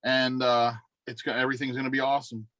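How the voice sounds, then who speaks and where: A man's voice: medium pitch, little pitch movement, quick pace, fairly bright tone. A man co-hosting a casual video call, wisecracking and playful. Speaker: co-host.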